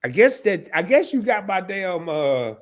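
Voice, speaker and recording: A man's voice: high-pitched, sing-song, measured pace. Emotional sniffling man in his fifties. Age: 50s. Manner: emotional, rambling, stammering with restarts. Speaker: live stream host. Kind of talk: casual live stream chat.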